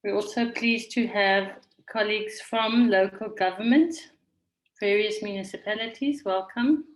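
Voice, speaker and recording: Measured woman facilitating an online conference. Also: mid-range voice, rough recording. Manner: measured, orderly, reads names from the chat. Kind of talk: moderating an online conference session. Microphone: video call.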